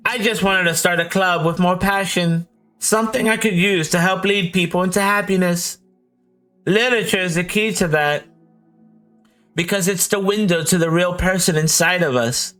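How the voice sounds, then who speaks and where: Brief: poised teen club president, soft falsetto girl voice, bright tone, played by a man.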